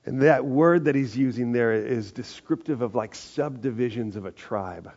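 A man preaching a sermon in a conversational way, slowing down for emphasis and adding lively asides. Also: medium pitch. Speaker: pastor. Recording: muffled live sermon audio.

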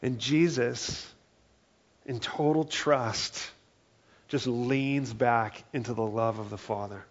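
A man preaching a sermon in an earnest, conversational way, his voice carrying a gravelly edge. He speaks at a middle pitch and keeps checking in with "right?" between thoughts. The recording sounds a little dull and lo-fi. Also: steady tone, takes it slowly. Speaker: pastor.

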